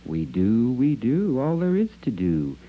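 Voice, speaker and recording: A man's voice: medium pitch, big pitch swings, a little slow, a little hiss or hum, voice pushed up. A man voicing a chorus of wild birds, imitating quacks, hoots and chirps. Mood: cheerful. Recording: dull lo-fi archive recording.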